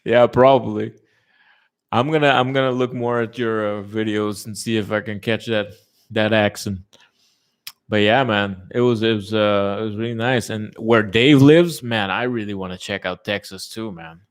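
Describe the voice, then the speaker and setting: A man's voice: fairly low pitch, fairly even intonation, normal speed. A man chatting casually with viewers, rambling and swearing freely, with many fillers. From lives in a tourism-based place, has lived abroad. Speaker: channel host chatting with viewers. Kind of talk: casual live chat.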